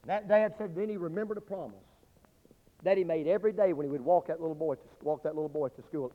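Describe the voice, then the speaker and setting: A man preaching a sermon, telling a story dramatically and swinging from loud to hushed. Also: fairly high pitch, fast. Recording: dull lo-fi recording with long hall reverb.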